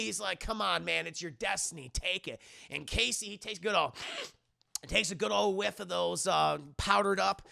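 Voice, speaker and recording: Young guy doing a swear-heavy movie recap for his chat, high gravelly voice, bright edge, keeps slipping into character voices. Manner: rambling, profane, acts out characters in quick voices. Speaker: streamer reviewing a movie.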